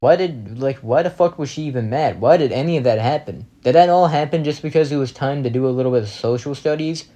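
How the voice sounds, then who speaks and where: A man's voice: medium pitch, fast talker, hardly any pauses, dark tone. A young man giving casual reaction commentary, blunt and indignant, swearing heavily as he rants.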